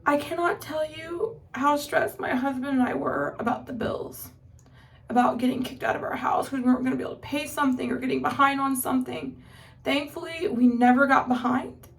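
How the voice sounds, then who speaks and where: A woman with a fairly high voice tells her family's story in a casual vlog. She is earnest and candid, with plenty of "like" fillers. She sits a little back from the microphone, so her voice sounds somewhat distant. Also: a little fast.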